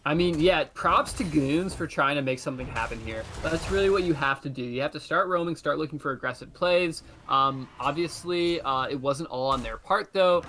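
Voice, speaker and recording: A man giving measured color commentary on a live esports match, pausing often with ums and uhs. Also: fairly high pitch, pushed and bright, a little hiss or hum.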